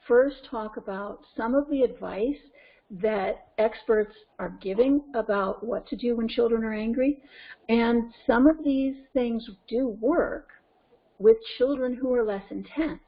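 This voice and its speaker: A woman parenting coach with a North American accent teaching a webinar in an animated way, acting out scenes. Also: fairly high pitch, slow pace. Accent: North American English. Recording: lo-fi conference call audio.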